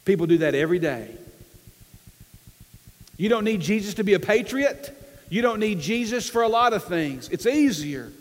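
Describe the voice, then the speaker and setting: A man's voice: high voice, expressive, moderate pace, long pauses. A man preaching a sermon as pastor, earnest and repetitive, often acting out quotes to make his point. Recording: long hall reverb.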